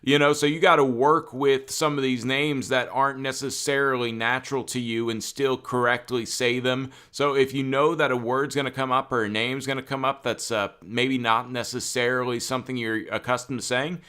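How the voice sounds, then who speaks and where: Young male co-host, bright crisp voice, chatty and loose, lots of fillers. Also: medium pitch, normal speed, few pauses. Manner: conversational, many fillers, animated when excited. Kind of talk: casual chat.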